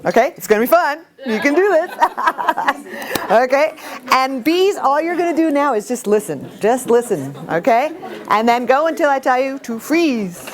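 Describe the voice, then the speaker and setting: A middle-aged woman teaching a workshop, expressive and animated, often laughing as she talks. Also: sits high, unhurried. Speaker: workshop trainer.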